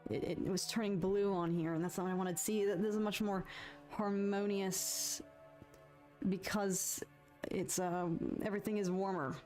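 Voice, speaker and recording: A young woman talks through her painting on a live stream, chatty and expressive at a middling pitch. Her mood swings from exasperated muttering to giddy relief as she works. Soft music plays faintly behind her. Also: normal speed. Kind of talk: casual live-stream chat while painting.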